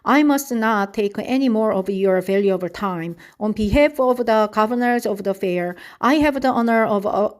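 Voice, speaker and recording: A woman's voice: mid-range voice, normal speed, hardly any pauses, close to an everyday voice. Woman reading as a formal fair announcer. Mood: ceremonious. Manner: formal, ceremonious. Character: fair announcer on loudspeaker, formal middle-aged man.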